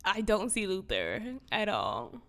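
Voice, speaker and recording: Bright-voiced woman in casual chat. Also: mid-range voice, measured pace. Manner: teasing, animated storytelling with acted quotes. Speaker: podcast co-host.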